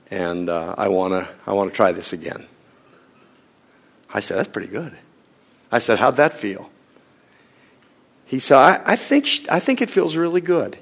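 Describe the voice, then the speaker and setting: Gravelly-voiced man preaching a story. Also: mid-range voice. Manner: acts out both sides of a dialogue, drops to a hushed near-whisper in tender moments. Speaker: pastor. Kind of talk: sermon storytelling.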